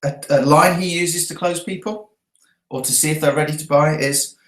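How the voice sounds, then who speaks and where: A man's voice: on the high side, steady tone, normal speed, echoey room, low-quality recording. A man who trains network marketers, talking through his event notes earnestly and often checking in with his listeners. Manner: earnest, checks in with a frequent tag question.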